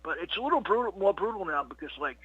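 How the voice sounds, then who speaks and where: A man's voice: high voice, expressive, quick pace, fairly bright tone, husky, no room sound. A middle-aged man, a comedian being interviewed, telling stories in a rambling casual way, full of "you know what" and "he goes". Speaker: comedian guest. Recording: dull lo-fi dry recording.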